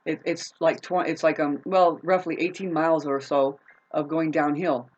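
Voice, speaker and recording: A woman's voice: low-pitched, steady tone, normal speed. Profane ranting woman, dull lo-fi sound. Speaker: vlogger. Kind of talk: unscripted rant to camera.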